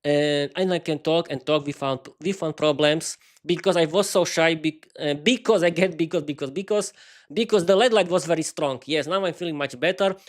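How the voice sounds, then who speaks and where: A man with a slightly higher than usual voice rambles casually to his live-stream viewers. He stumbles and restarts his sentences often, stuttering through his words, and speaks into a desk microphone in a small home studio. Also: moderate pace. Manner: hesitant, stuttering, many restarts; chatty, talks to viewers while fiddling with lighting. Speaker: podcast host.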